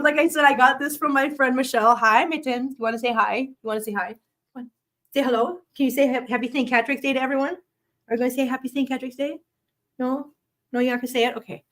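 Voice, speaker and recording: Woman, live stream host, high pitched, chatty, laughs a lot, slightly distant mic. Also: a bit bright. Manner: chatty, laughs often, coaxes her cats. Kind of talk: casual live stream chat.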